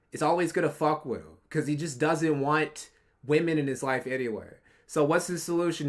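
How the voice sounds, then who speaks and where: A man streaming a reaction, giving mocking, profane commentary on a clip. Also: fairly high pitch.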